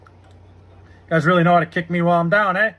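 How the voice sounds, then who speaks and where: A man's voice: sits high, steady tone, brisk, highs cut off. A man live streaming, chatting casually, reading chat aloud and swearing in frustration over a baseball game. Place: home room with TV.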